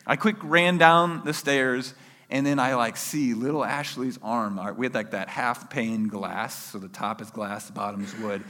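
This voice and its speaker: A man preaching a sermon, telling a personal story in an animated way and acting out his own shouts. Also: mid-range voice, moderate pace, long reverb tail.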